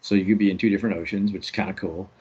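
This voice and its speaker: Husky-voiced laid-back man. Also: low voice, steady tone, very fast, a little mellow, highs cut off. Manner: laid-back storytelling, many ums. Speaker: podcast co-host. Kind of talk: casual chat.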